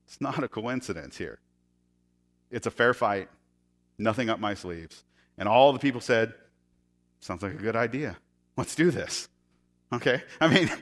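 A man preaching a sermon, retelling a scripture story with sarcastic jokes, laughing now and then and acting out the quoted lines in shifting voices. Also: fairly bright tone. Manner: acts out quoted speech in higher and lower voices. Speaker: pastor.

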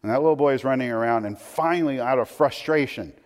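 A man's voice: mid-range voice, fast talker. A man preaching a sermon in a conversational way, with frequent restarts and asides. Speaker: pastor. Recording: long hall reverb.

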